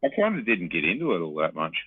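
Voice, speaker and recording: A man's voice: sits low, fast. A man co-hosting a podcast, chatting casually and rambling, with frequent swearing. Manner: swears a lot, rambling, animated. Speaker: podcast co-host. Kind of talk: casual chat. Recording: tinny dry phone-like line.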